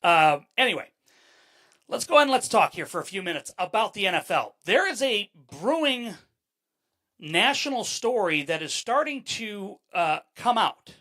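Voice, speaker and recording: A man's voice: high-pitched, big pitch swings, moderate pace, sharp tone, no room sound. A man hosting a live sports podcast, rambling with fillers and repeated words and greeting viewers by name as he goes. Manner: greets chat viewers by name mid-thought. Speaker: podcast host. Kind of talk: live-streamed sports talk.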